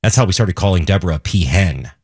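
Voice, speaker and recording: A man's voice: low voice, fast, breathy edge, no room sound. A man co-hosting a casual radio show, reading breaking news and bantering about local stories. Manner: lively, joking, reads news off the wires. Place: radio studio. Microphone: studio microphone.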